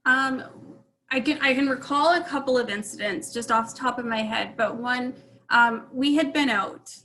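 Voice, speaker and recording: A middle-aged woman speaking as an interview guest, her voice set a little high and bright. She tells a personal story frankly and rambles, circling back with fillers and restarts. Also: normal speed, rough recording.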